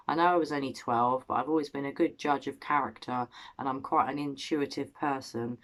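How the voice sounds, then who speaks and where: English woman, 30s, low voice; earnest, personal true-crime vlog narration. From Cambridge, England. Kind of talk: casual true-crime storytelling.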